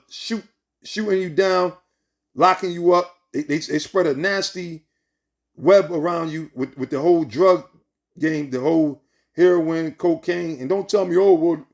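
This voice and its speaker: Delivering an informal, fiery sermon from scripture, a man with a slightly high voice curses, circles back over the same points, and keeps ending sentences with "man" and "right?".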